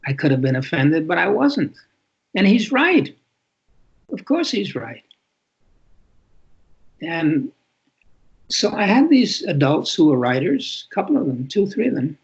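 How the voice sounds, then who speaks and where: A New York City man in his eighties, an author being interviewed, talks reflectively and often repeats words to emphasize them. The voice is fairly high and breathy, and the audio quality is lo-fi and muffled.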